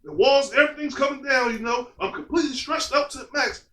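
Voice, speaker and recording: A man's voice: extremely high pitch, fast talker, bright, forceful tone. A man giving a motivational monologue in an emphatic, repetitive style, stacking lists and rhetorical questions. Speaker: motivational speaker. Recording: roomy echo.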